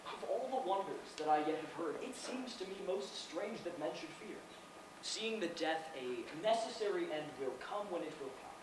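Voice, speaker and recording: A man's voice: high-pitched, animated, normal speed. A man playing Caesar, a proud and defiant Roman ruler in an outdoor stage play, declaiming boastfully. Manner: boastful, declamatory, talks of himself by name. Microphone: far camera. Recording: distant, echoey open-air stage recording with noise.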